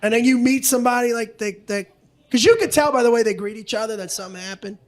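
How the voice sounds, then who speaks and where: A man's voice: extremely high pitch, lively intonation, fast talker. Brash, profane male stand-up comic. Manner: brash and profane, jumps into voices. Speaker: stand-up comedian. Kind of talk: stand-up comedy routine. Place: comedy club stage with audience laughter.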